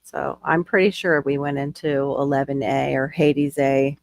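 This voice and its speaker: A woman hosting a casual chat, talkative and quick to gasp. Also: a bass voice, fairly even intonation, vocal fry, no echo. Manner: chatty, gardening talk, quick gasps. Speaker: host.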